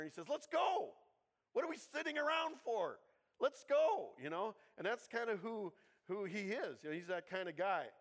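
A pastor with a somewhat high voice preaches in a relaxed, chatty way. He keeps checking in with the congregation and slips in playful jokes as he goes. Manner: conversational, keeps asking the congregation "right?"; humorous, playful asides. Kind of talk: sermon.

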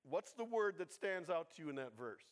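A pastor with a somewhat high voice preaches in a relaxed, chatty way. He keeps checking in with the congregation and slips in playful jokes as he goes. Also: normal speed. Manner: conversational, keeps asking the congregation "right?"; humorous, playful asides. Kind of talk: sermon.

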